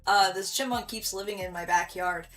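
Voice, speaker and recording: A woman's voice: medium pitch, normal speed, fairly bright tone, soft background music. A young woman from Michigan chatting through a vlog, giggly and full of fillers as she tells a story. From Michigan, USA. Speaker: vlogger.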